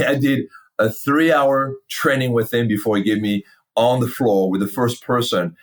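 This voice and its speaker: A middle-aged man, founder of a fitness company, talks through his history in a casual interview at a moderate pace and medium pitch. He stays animated, swears freely, and performs old dialogue.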